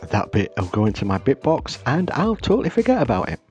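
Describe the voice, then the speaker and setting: A man's voice: mid-range voice, huge pitch swings, quick pace, darkish tone, soft background music. A British man narrating his own craft build as channel host, with wry, self-deprecating humor. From Britain.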